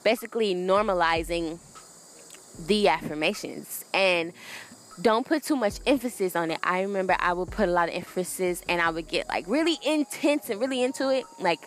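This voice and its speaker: A woman's voice: fairly low pitch, lively intonation, moderate pace, slight background noise. A young woman hosting a solo podcast, talking in a casual, earnest and rambling way with many fillers and restarts. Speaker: podcast host.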